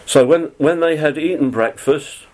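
A man's voice: fairly high pitch, moderate pace, darkish tone, rough recording. A man preaching a sermon, reading scripture aloud and then explaining it in an earnest, conversational way. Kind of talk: sermon, Bible teaching.

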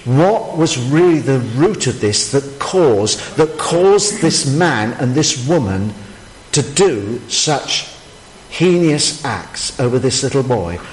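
A man's voice: medium pitch, animated, slow. A man preaching a sermon, emphatic and full of rhetorical questions. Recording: echoey hall, faint ambience.

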